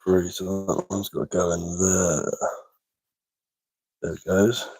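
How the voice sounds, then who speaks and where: An Englishman with a relaxed manner, chatting casually on a live stream while working on a craft project and answering chat messages aloud. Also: sits low, slow pace, breathy edge, dry recording, poor audio.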